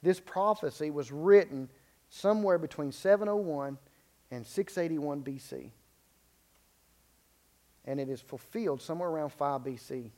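A man's voice: a little high, moderate pace, long pauses, darkish tone. A man preaching a sermon in an unscripted way, stumbling and repeating words, then building to emphatic peaks.

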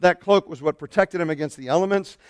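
A middle-aged man, a pastor, preaching a lively sermon and shouting out the lines he quotes. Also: a little high, quick pace, smooth, no echo, studio quality.

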